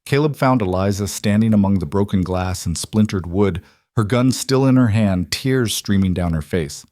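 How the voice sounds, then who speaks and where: Man, scripted story narration, low voice, dry sound, even and steady. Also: moderate pace, no echo.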